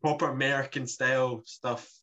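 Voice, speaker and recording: A man's voice: medium pitch, little pitch movement, normal speed, bright, forceful tone, muffled recording. A man chatting casually about a trip, rambling with many restarts. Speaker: podcast co-host. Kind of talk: casual travel chat.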